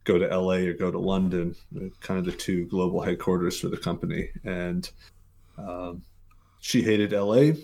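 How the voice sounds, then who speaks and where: A man's voice: deep voice, fairly even intonation, normal speed, creaky, a little mellow. An American man in his forties, a podcast guest, telling stories casually with many fillers and restarts. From Mississippi, USA. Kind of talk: casual interview storytelling.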